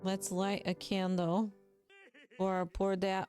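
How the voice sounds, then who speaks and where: A woman's voice: medium pitch, expressive, slow, a little mellow, soft background music. A woman giving casual, chatty commentary over her own gameplay, reacting emotionally and talking to viewers. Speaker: gaming video creator.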